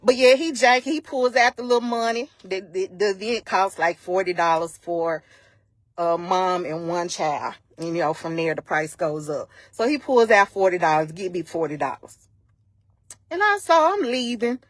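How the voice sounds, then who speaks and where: A woman's voice: mid-range voice, normal speed, no echo. A woman on a live stream, emphatically retelling an incident in casual storytelling and acting out the dialogue. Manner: animated, emphatic, acts out quoted dialogue. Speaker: vlogger retelling a personal incident. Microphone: phone on a live stream.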